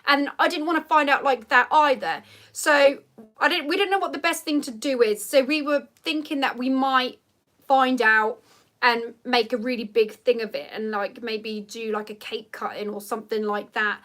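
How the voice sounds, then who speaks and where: A woman in her thirties hosts a casual livestream from home. Her voice sits high and sounds bright and crisp, and she talks in a chatty, rambling way full of ums and likes. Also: normal speed. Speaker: livestream host. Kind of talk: casual live chat reading comments.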